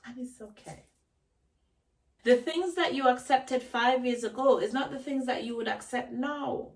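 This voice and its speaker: A woman's voice: high voice, a little slow, recorded from a distance, poor audio. A woman vlogger giving a reflective talk on self-knowledge, emphatic, asking rhetorical questions and repeating key phrases. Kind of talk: reflective solo talk to camera.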